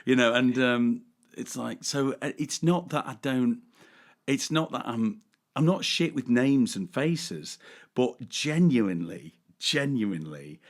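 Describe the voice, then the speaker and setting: A middle-aged man, chatting casually as a podcast co-host and telling anecdotes. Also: mid-range voice. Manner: chatty storyteller who acts out fans in put-on voices. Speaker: podcast co-host, tribute singer. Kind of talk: casual chat.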